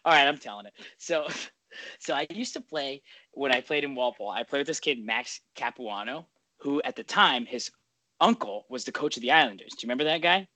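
A man's voice: medium pitch, expressive, brisk, sharp tone, no room sound. A man hosting a podcast in casual chat, rambling along, swearing freely and laughing often. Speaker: podcast host.

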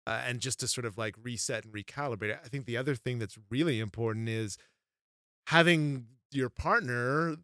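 This thirties-aged man speaks at normal speed with medium pitch, mid-range for a male voice, chatting casually on a podcast. He wanders from story to story, animatedly performing each quote. There's no echo; the sound is close and completely dry.

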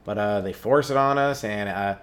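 Rambling comedian with sudden character voices. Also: male voice, fairly low pitch, a bit bright. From Canada. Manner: riffing, acting out characters in quick put-on voices. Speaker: stand-up comedian hosting a podcast.

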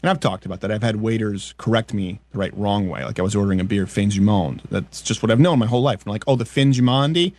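A man's voice: fairly low pitch, fast talker, hardly any pauses, darkish tone, dry recording. A man from French Canada hosting a podcast, riffing in opinionated, jokey rants in casual comedic chat. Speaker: podcast host.

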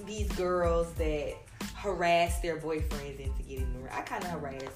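A woman's voice: low voice, normal speed, roomy sound, soft background music. A woman co-hosting a casual chat, playful and candid, often laughing. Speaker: podcast co-host.

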